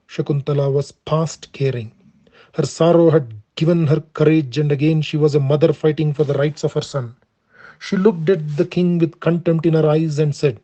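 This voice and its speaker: A man reading a sacred story aloud in a measured, reverent way. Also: fairly high pitch, fairly even intonation, dark tone. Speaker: scripture storyteller. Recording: dull lo-fi recording.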